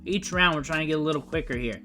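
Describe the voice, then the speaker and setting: A man's voice: a little high, quick pace, sharp tone, soft background music. A man giving a casual, opinionated fantasy football draft breakdown, repeating his points emphatically.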